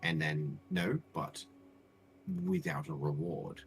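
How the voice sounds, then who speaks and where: A man playing in a tabletop role-playing game, proposing ideas in a halting way with restarts. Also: a bass voice, sing-song, faint music behind. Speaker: player. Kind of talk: casual chat at a tabletop game. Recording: noisy recording.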